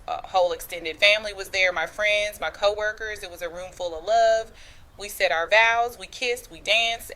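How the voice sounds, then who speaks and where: With an African American English accent, a woman shares a personal family story casually, dropping slang like "chile" and "girl" with a dialect flavor. Her voice is lowish, pushed and bright.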